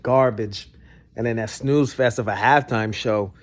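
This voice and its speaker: A young adult man, giving casual reaction commentary that swings from low grumbles to excited bursts. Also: a little slow. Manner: animated, jumps between low grumbles and high excited bursts. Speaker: vlogger reacting to a broadcast.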